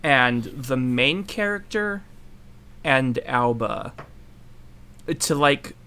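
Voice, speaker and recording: A bright, forward-sounding man with a Midwestern accent carrying a Southern twang. He chats loosely as a podcast co-host, animated and quick to laugh. His pitch sits in the middle of the range. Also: clean tone. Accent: Midwestern American with Southern influence. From southern Midwest, USA. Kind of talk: casual podcast chat.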